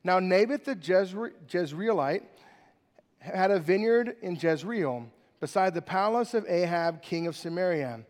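A pastor preaching a sermon and reading scripture, acting out the characters with animated voices. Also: male voice, high-pitched, unhurried, long reverb tail.

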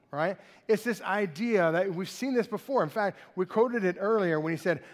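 Animated, high-voiced pastor preaching. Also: male voice, unhurried, few pauses, big-room sound. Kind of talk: sermon.

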